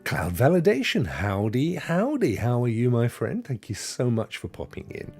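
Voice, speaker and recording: A man hosting a live stream, chatting loosely and welcoming viewers one by one. His pitch rises and dips a lot as he talks. Faint holiday music plays underneath. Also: huge pitch swings, normal speed, a little mellow. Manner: chatty, greets viewers by name, rambling asides. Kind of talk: casual live-stream chat. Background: faint Christmas music.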